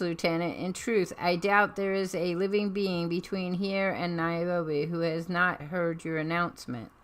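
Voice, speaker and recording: A woman's voice: fairly low pitch, close to an everyday voice. A woman putting on a commanding villain baron. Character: stern ruthless male villain baron, commanding.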